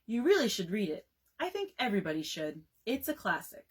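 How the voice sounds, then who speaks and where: A woman's voice: mid-range voice, sing-song, fairly quick, slightly rough. A woman reading as a prim, earnest young lady. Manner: earnest, polite.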